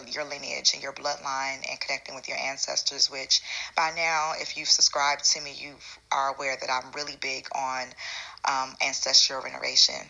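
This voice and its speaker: A woman's voice: low voice, vocal fry, sharp tone, low-quality recording. A woman hosting her spiritual channel, talking casually and rambling a little, with fillers and restarts. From United States. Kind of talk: casual spiritual vlog talk.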